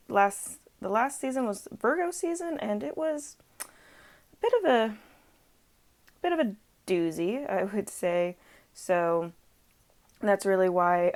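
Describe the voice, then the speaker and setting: Her voice sits at a medium pitch with a darkish tone. At home with her dog in her lap, this tarot reader chats casually and rambles, filling her talk with fillers and correcting herself often.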